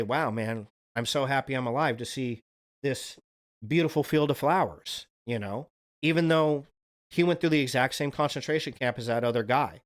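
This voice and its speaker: Earnest, rambling man host. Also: mid-range voice. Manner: earnest, profane, rambling with restarts. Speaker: self-help video host. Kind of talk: casual monologue.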